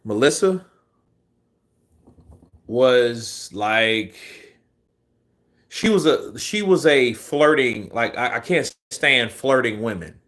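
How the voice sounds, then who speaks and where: A man's voice: medium pitch, lively intonation, takes it slowly, pauses often, a bit bright. A man in his forties, a boxing commentary host, telling a rambling, profanity-laced story in a casual way.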